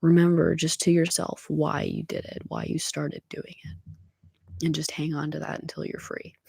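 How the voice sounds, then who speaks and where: Soft-spoken gravelly woman streamer. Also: sits low, level tone, moderate pace, dry recording. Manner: soft-spoken, slipping into whispers; gently encouraging. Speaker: ASMR streamer. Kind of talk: soft-spoken livestream chat.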